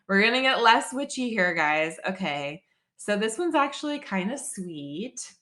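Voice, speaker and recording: Very animated, with a sharp tone at medium pitch, this young massage therapist co-hosts a podcast at a measured pace. She tells casual stories, curses freely, and performs the quotes she recounts. Echo fills the room in the recording.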